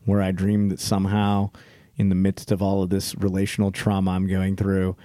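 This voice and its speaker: A man's voice: low voice, completely flat delivery, brisk, mellow, no room sound, studio quality. A man co-hosting a casual podcast chat, joking and swearing freely in banter. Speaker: podcast co-host.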